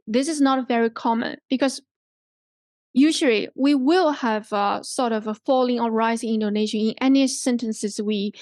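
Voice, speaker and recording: A woman with a Hong Kong English accent leads a language workshop, explaining patiently and repeating herself, with frequent "okay?" check-ins. Her voice sits fairly high. The sound is dry and close, with no room echo. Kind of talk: teaching workshop on intonation.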